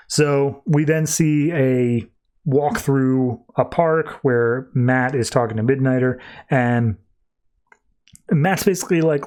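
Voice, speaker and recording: A male podcast host recapping a comic book in casual chat. He rambles quickly through the story, with plenty of fillers and restarts. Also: mid-range voice, a little mellow.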